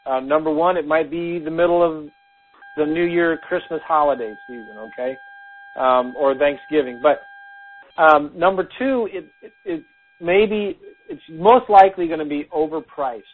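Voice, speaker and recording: A man's voice: a little high, normal speed. A man co-hosting a casual business talk, giving practical advice with frequent "um" fillers, heard over a phone line. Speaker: podcast co-host.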